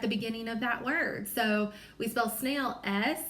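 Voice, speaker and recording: A woman teacher running a small-group phonics lesson, her voice sitting a little high. She stretches out letter sounds slowly and carefully, cheering the children on as she goes. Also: fairly bright tone, roomy sound. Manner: apologetic, encouraging. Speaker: reading teacher.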